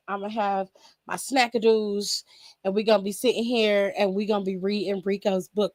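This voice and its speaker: A woman's voice: medium pitch, fairly bright tone, no room sound. A young woman hosting a casual live-stream aftershow, chatty and laughing often, talking straight to her viewers from home.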